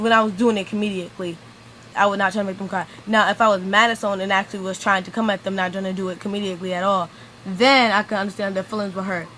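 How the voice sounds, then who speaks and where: Woman vlogger, rambling rant, lots of fillers, mid pitch, slight background noise. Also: a bit bright, rough recording. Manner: rambling, venting, heavy use of "like". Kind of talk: ranting vlog monologue.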